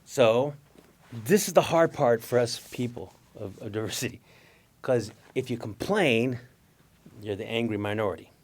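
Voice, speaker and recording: A middle-aged Mexican-American man appears as a guest speaker at a storytelling talk, acting out voices and laughing often. His voice is medium-pitched and slightly breathy, and he speaks a little slowly.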